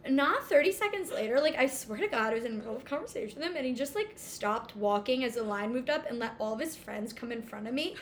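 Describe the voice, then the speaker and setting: A woman's voice: fairly high pitch, expressive, fast talker, few pauses, slight background noise. A young woman animatedly telling a story in casual chat, acting out the dialogue. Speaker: storyteller guest.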